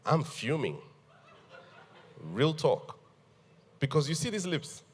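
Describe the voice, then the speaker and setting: A man telling an animated story on a panel, laughing and acting out what people said. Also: a little high, slow, husky, big-room sound. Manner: animated, laughing storyteller who acts out quotes. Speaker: guest.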